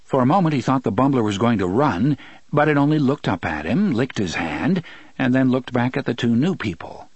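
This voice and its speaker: Husky male audiobook narrator. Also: mid-range voice, normal speed, no echo. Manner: expressive storytelling, many voices. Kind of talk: scripted narration.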